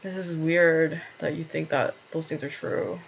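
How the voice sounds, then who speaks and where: A woman's voice: sits low, steady tone, measured pace, vocal fry, slight background noise. A woman telling a rambling, agitated personal story to camera, full of fillers and swearing. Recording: dull lo-fi recording.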